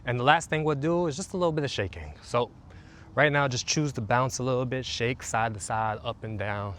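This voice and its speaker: A man guiding a stretching and relaxation routine in a slow, soothing, calm way. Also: medium pitch, slight background noise. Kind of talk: guided relaxation instruction.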